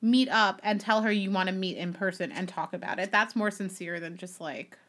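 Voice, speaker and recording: A woman's voice: medium pitch, fairly quick, fairly bright tone. A woman co-hosting a podcast who chats bluntly and laughs often, with a lot of "like" in her talk. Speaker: podcast co-host. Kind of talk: casual reality-TV recap chat.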